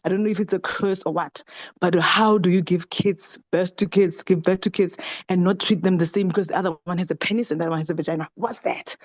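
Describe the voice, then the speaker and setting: A woman's voice: on the low side, darkish tone. A middle-aged woman talking passionately at a book club, with many restarts and rhetorical questions. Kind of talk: casual discussion.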